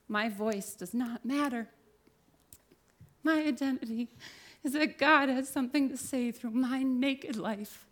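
A woman speaks to listeners about faith and shame, telling her own story candidly. She pokes fun at herself along the way. Her voice sits in an ordinary middle range. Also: medium pitch. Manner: candid, self-deprecating storytelling with laughter. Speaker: speaker giving a faith talk. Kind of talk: personal testimony and encouragement.

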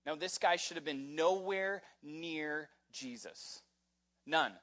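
A man preaching a sermon in a casual, animated storytelling way, with frequent fillers as he talks. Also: fairly high pitch, slow. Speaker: pastor. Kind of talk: conversational sermon.

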